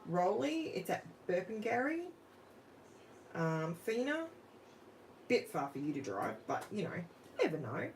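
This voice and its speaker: A woman's voice: medium pitch, big pitch swings, a little slow, long pauses, a little hiss or hum. A middle-aged woman with an Australian accent, chatting casually with viewers on a live craft stream in her home craft room. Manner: chatty, talks straight to viewers in the chat while crafting. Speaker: craft channel host. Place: home craft room under overhead lights.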